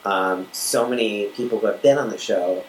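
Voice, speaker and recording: Chatty podcast host, roomy sound. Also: female voice, extremely low pitch, normal speed. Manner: chatty, rambling with fillers. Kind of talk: casual chat. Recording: roomy with faint hiss.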